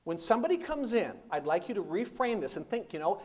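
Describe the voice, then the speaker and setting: A man's voice: high voice, sing-song, fast, few pauses, darkish tone. A middle-aged man speaking as a business speaker to a seminar audience, emphatic, with rhetorical questions and repeated punchlines. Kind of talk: live seminar talk.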